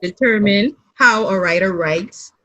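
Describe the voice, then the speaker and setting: A woman's voice: medium pitch, measured pace, highs cut off, crowd noise. A woman on a podcast panel, conciliatory and weighing both sides. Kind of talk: casual group discussion.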